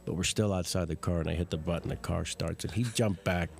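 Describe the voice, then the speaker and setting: A man telling a comic anecdote in an animated, storytelling way. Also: low-pitched, fairly quick, vocal fry, soft background music. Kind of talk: comic anecdote on a talk show.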